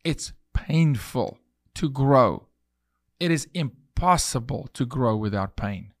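A podcast host with a mid-range voice delivers a forceful, preachy monologue, slowly and with animation, packed with repeated phrases and example stories. The recording is dry and studio quality.

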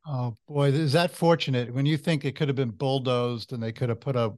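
A man's voice: medium pitch, steady tone, brisk, darkish tone, no echo, clean studio sound. A man interviewing a guest, asking leading, conversational questions.

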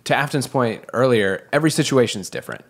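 A man's voice: mid-range voice, animated, fast talker. A man co-hosting a podcast, speaking thoughtfully and searching for words. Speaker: podcast co-host. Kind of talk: casual podcast chat.

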